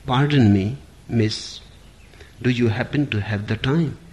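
A man's voice: mid-range voice, unhurried, a little mellow, lightly acted. A man doing a sheepish man in a bar. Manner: mumbling and sheepish.

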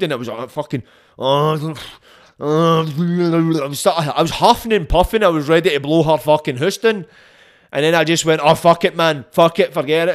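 A young man with a Glaswegian Scottish accent, hosting a podcast and telling a sweary, animated story, acting out quotes along the way. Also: fairly high pitch. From Scotland. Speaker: podcast host. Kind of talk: casual storytelling monologue.

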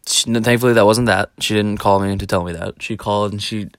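A man's voice: on the low side, steady tone, brisk, no echo, clean studio sound. A man casually telling a rambling, profane story, laughing as he goes.

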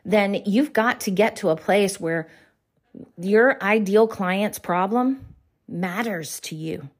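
A middle-aged woman coaches business owners in a faith-based talk with a slightly low voice. She preaches earnestly, repeating pointed questions and pausing for emphasis.

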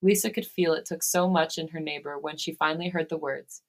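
A woman hosting a podcast reads fan fiction aloud in a steady way, now and then breaking into laughter. Her voice is low-pitched and fairly quick.

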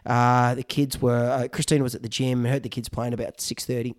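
A man's voice: mid-range voice, level tone, brisk, no room sound, clean studio sound. A man, a surgeon co-hosting a casual podcast chat, telling stories and acting out voices in them. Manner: chatty storyteller, acts out voices in anecdotes.

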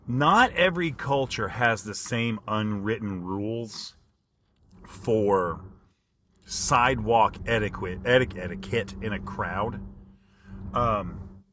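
A man hosting a comedy podcast, telling stories in an animated monologue with big jumps in pitch and volume. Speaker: podcast host.

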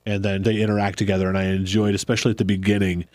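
A man's voice: lowish voice, level tone, racing, a little mellow, no echo. A middle-aged man co-hosting a casual chat, rambling and correcting himself as he goes. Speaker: podcast co-host.

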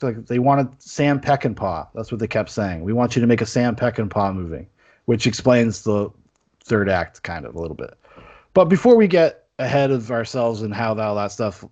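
A man's voice: medium pitch, darkish tone. A man hosting a casual movie review podcast, rambling with lots of fillers and restarts. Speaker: podcast host. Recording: dull lo-fi podcast audio.

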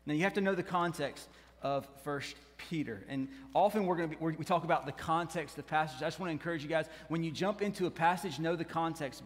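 High-voiced preaching man in a reverberant hall. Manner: animated preaching that rises and drops, with asides to the congregation. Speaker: pastor. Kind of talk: sermon.

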